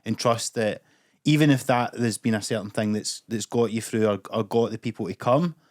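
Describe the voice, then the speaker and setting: A man, co-hosting a podcast in relaxed, reflective casual chat. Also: lowish voice, moderate pace. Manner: relaxed, reflective, says "aye". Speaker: podcast co-host.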